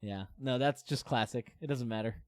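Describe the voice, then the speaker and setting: A man in his thirties rambles loosely to his stream viewers, using lots of fillers and poking fun at himself. His smooth, resonant voice has an ordinary pitch and a darkish tone at normal speed. A close desk mic gives a dry recording with no echo.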